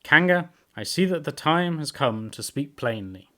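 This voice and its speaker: A man's voice: lively intonation, moderate pace. A man voicing a small, timid male piglet in a storybook read-aloud, flustered and stammering. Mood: indignant. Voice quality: high squeaky voice.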